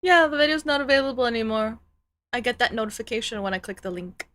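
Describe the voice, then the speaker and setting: A woman's voice: on the high side, expressive, fast talker, fairly bright tone, no room sound. A woman streamer chatting live while reacting to videos, rambling and exclaiming.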